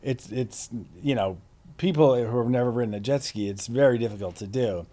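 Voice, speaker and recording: A man's voice: mid-range voice, a little fast, dark tone. A middle-aged man from Massachusetts, a guest actor in a casual interview, telling stories in a laid-back, slangy way with many fillers and restarts. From Plymouth, Massachusetts.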